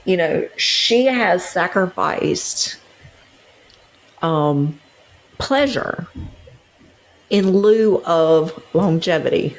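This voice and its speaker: Middle-aged female co-host, low voice, sincere and reflective conversational read. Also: extremely slow, long pauses, poor audio. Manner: earnest, heartfelt, reflective. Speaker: podcast co-host. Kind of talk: casual chat.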